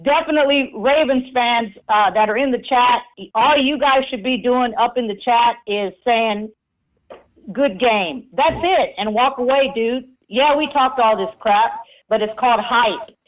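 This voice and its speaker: A woman's voice: on the high side, unhurried. A woman with a Houston accent calling in to a sports show, ranting emphatically and swearing freely. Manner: fired up, profane, emphatic, ranting. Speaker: caller. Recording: tinny phone line.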